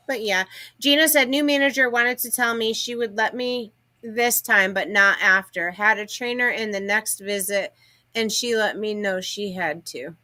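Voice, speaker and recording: Bright-voiced chatty woman. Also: mid-range voice. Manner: chatty, animated storytelling. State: has the hiccups. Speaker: livestream co-host. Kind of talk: casual livestream chat.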